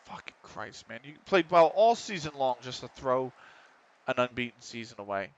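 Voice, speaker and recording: His pitch is medium but swings widely, and he talks at a moderate pace on a muffled recording. He's an American man nearing middle age, casually chatting with viewers while streaming a football management game, reading chat and swearing often in frustration at the match.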